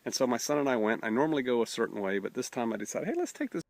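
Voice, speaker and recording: A middle-aged pastor gives a storytelling testimony, telling a folksy tale in a drawl and acting out the voices of the people in it. His mid-range voice swings widely in pitch, comes out rapid-fire, and has vocal fry.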